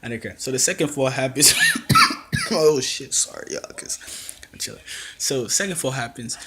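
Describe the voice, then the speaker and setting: A young man casually recapping a wrestling event, telling it in an animated way and acting out quotes. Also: mid-range voice, moderate pace, noisy background. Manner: animated storytelling with acted-out quotes and laughs. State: coughing, throat acting up. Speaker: wrestling reviewer.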